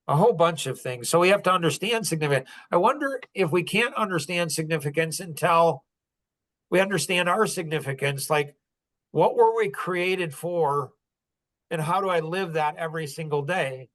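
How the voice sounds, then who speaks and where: A man's voice: on the high side, fairly bright tone. A man in his sixties telling personal stories in a casual, reflective podcast chat, earnest and rambling, often saying "like". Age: 60s. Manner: earnest, rambling, heavy use of "like". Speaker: podcast host.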